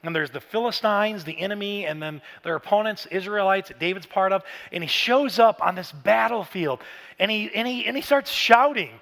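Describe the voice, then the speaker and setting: A man in his thirties preaching a Father's Day sermon, casual and animated, telling stories with bursts of shouting. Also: high-pitched, moderate pace, gravelly. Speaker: pastor. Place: large church auditorium. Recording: church hall reverb.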